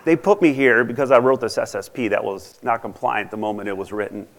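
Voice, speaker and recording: A man's voice: mid-range voice, a little fast, creaky, pitched below the performer's own voice, lightly acted. A man doing a glum scarecrow stuck on a pole. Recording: reverberant conference hall.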